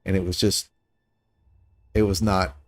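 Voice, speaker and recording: Low-voiced man streaming a game. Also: level tone, a little slow, no echo. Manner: thinking aloud, musing and self-critical; talks to chat viewers in passing. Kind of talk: casual live-stream commentary while building.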